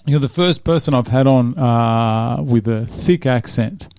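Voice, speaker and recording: A man's voice: mid-range voice, measured pace, darkish tone, clear, resonant tone. An Australian man hosting a casual interview, chatty and joking in an easygoing way. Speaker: podcast host.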